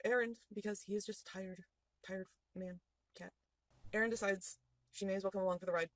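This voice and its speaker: A woman's voice: mid-range voice, no room sound, rough recording. A woman as game master, recapping a tabletop game session with playful storytelling.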